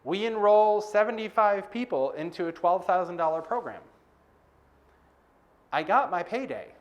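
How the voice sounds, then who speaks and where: A man's voice: sits high, animated, normal speed, muffled recording. A man giving a live motivational talk as host, telling a personal story in a chatty way with frequent "like" and "right?". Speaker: business coach speaker.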